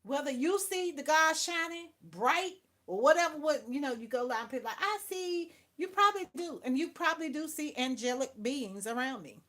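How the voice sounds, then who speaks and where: A woman's voice: high voice, expressive, brisk, hardly any pauses. An older woman, rambling through a casual spiritual talk and calling the listener "baby" as she preaches. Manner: rambling, swings from soft to loud. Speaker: spiritual channel host.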